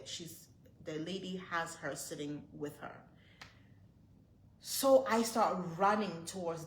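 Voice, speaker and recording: A woman's voice: on the low side, echoey room, slight background noise, poor audio. A woman in her thirties, a mother vlogging to her viewers, retelling a frightening moment in a tense, breathless way with lots of repeated phrases. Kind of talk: storytelling to camera.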